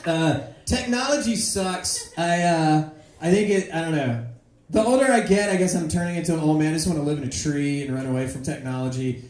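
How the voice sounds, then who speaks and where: A woman doing a rambling, profane stand-up comedy set, breaking into loud shouted bits. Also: low-pitched. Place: comedy club with audience. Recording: echoey club room with crowd.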